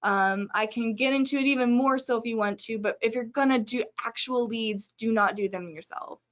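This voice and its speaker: Brief: woman webinar host, slightly high voice, chatty and joking, dull lo-fi stream sound. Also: fairly bright tone. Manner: chatty, joking, brisk advice. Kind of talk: casual webinar talk.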